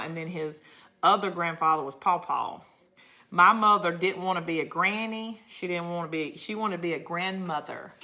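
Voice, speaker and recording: A woman's voice: low voice, gravelly, pushed and bright. A middle-aged woman with a Georgia Southern accent, hosting a crafting livestream in casual chat, rambling through family stories and laughing often. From Georgia, USA. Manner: chatty, rambling storyteller who laughs often. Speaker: crafting channel host. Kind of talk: casual livestream chat, reading viewer comments.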